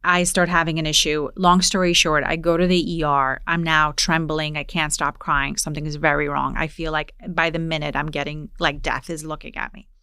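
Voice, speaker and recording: A woman in her forties, born in Poland, hosts a podcast and tells a personal story in a lively, chatty way. Her voice sits on the lower side, smooth and resonant, recorded dry and close. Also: fairly quick, few pauses, dry recording. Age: 40s. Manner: storytelling, animated retelling. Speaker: podcast host. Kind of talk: casual conversation.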